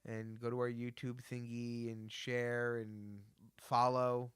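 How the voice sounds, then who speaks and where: A man's voice: medium pitch, level tone, slow, smooth, no echo, studio quality. A man co-hosting a podcast in casual chat, trading wry jokes. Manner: joking, wry banter. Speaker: podcast co-host.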